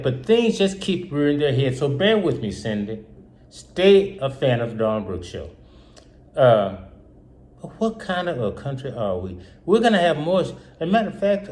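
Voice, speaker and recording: A man's voice: medium pitch, a little mellow. A man hosting his own show, talking through an emotional political monologue that is full of repetition and rhetorical questions. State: upset. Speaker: host.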